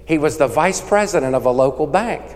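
A man's voice: on the high side, expressive, a little fast, darkish tone, long reverb tail, lightly acted. A preacher putting on a sassy old lady. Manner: folksy, teasing punchline delivery. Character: sassy old woman, married four times.

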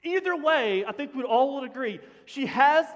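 High-voiced animated preacher in a reverberant hall. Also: male voice, moderate pace, muffled recording. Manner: animated, conversational preaching with sudden drops to a hush. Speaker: pastor. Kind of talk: sermon.

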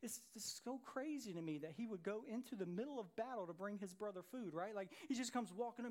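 Animated pastor preaching a sermon. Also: male voice, high voice, fast, hardly any pauses. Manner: animated storytelling, acts out voices of Bible characters.

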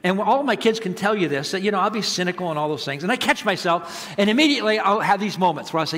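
High-voiced man preaching in a reverberant hall. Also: animated, a bit bright. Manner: storytelling, self-mocking, drawn-out emphasis. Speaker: pastor. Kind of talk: sermon with personal story.

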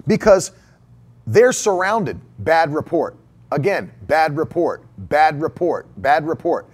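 Brief: man preaching with a high, lively voice that swings widely, emphatic and full of repetition. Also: slow. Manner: emphatic, repeats key phrases, asks rhetorical questions. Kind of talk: sermon.

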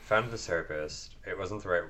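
Man, very low voice, casual podcast chat, earnest, lots of fillers. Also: a little fast, pushed and bright, slight background noise. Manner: earnest, filler-heavy, frequent restarts. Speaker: podcast guest.

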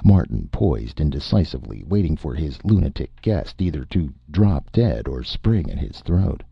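A man's voice: a bass voice, sing-song, moderate pace, gravelly, breathy edge, no room sound. A man narrating a science fiction story as an audiobook reader. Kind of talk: scripted narration. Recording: dull lo-fi dry recording.

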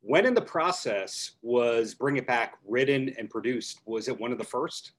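A male podcast host speaks at an ordinary middle pitch. He asks long, rambling questions in a loose, conversational way. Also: animated, moderate pace. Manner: chatty, long-winded questions. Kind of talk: casual interview chat.

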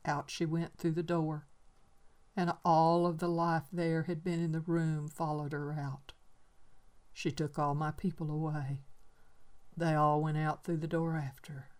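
A woman's voice: lowish voice, measured pace, pitched above the performer's own voice, natural voice. A woman voicing a lonely old man making a desperate, bitter confession, in a raised and emphatic voice. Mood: sad.

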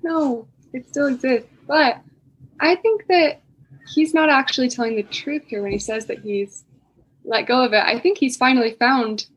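A woman's voice: a little high, breathy edge, low-quality recording. A woman taking part in a class discussion, speaking casually and thoughtfully with many likes.

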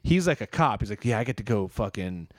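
A man's voice: fairly low pitch, lively intonation, fairly quick, no room sound, clean studio sound. A man telling a long, rambling story in casual chat, swearing freely.

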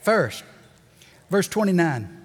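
A man preaching a sermon as pastor, folksy and animated, with joking asides and repeated emphasis, in a church sanctuary. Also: high-pitched, slow pace, slightly rough. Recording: long reverb of a church hall.

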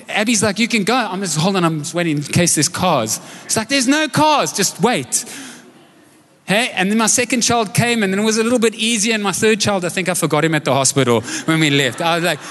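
South african guy preaching to a live church crowd, chatty and jokey, highish voice, big echoey hall. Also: a bit bright. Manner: conversational, jokey, asks the audience questions. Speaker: pastor. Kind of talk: sermon with personal stories. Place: church auditorium, live service. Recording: long hall reverb from a live service.

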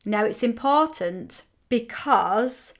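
A woman's voice: a little high, slow pace. A woman hosting a motivational podcast, talking frankly and energetically and acting out listeners' complaints. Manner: frank and energetic, acts out quoted complaints, swears casually. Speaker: podcast host and coach.

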